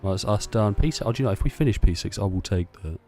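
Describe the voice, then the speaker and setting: A man's voice: on the low side, expressive, fast, dark tone, faint music behind. A man chatting casually to himself while playing a racing game. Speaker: gameplay streamer. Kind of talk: casual gameplay commentary.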